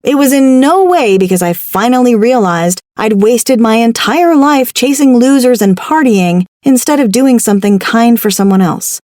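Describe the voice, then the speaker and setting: Wry, expressive woman narrating an audiobook. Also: fairly high pitch, moderate pace, hardly any pauses, no echo, clean studio sound. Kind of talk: first-person audiobook narration. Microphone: studio microphone.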